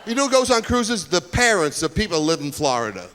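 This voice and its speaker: An older man from Brooklyn, doing a stand-up comedy routine with rapid-fire jokes in a high school auditorium. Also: big pitch swings, fairly bright tone, a little hiss or hum. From Brooklyn, New York. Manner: rapid-fire joke delivery with bits of put-on voices.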